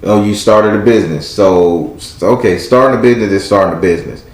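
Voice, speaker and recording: Low-voiced tarot reader, male, blunt and preachy, echoey room. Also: a little fast. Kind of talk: live tarot reading.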